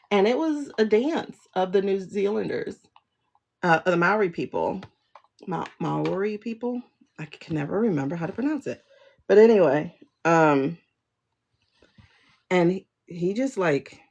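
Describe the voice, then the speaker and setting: A woman's voice: on the low side, vocal fry. A woman hosting a casual livestream, rambling and emotional, with many restarts and laughs. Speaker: livestream host, tarot reader. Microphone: phone.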